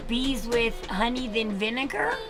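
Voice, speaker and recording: Woman, thirties, livestream host, casual rambling talk, slightly high voice. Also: measured pace, music in the background, poor audio. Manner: chatty, rambling with restarts.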